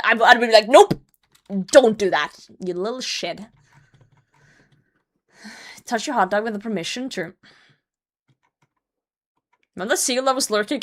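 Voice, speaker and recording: Swearing, animated young woman streamer. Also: medium pitch. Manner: animated, swears freely, trails off into mumbles. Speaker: livestreamer. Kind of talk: casual storytelling to stream chat.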